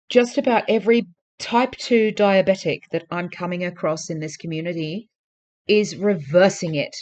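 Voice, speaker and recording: Earnest, urging woman vlogger. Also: medium pitch. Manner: earnest, urging, repeats pleas for emphasis. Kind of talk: casual talk to camera.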